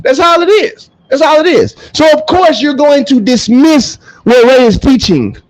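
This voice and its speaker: Animated, high-voiced man ranting bluntly. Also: normal speed, low-quality recording. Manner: blunt, profane, animated, swings between loud and low. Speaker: track coach and vlogger. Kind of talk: ranting to camera.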